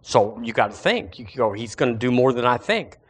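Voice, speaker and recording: A man preaching a sermon as pastor, animated and acting out the voices of his listeners. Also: mid-range voice, brisk, breathy edge.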